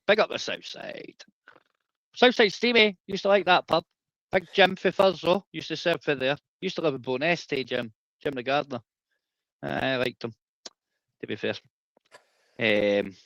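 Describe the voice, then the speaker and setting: A man's voice: a little high, pushed and bright, dry recording, low-quality recording. A Scottish man hosting a live stream, rambling casually and swearing freely.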